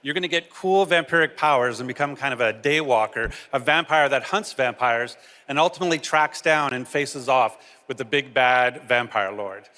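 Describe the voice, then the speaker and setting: A man presenting a game on stage, delivering a polished, enthusiastic promotional pitch. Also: moderate pace, few pauses, bright, forceful tone. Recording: reverberant stage.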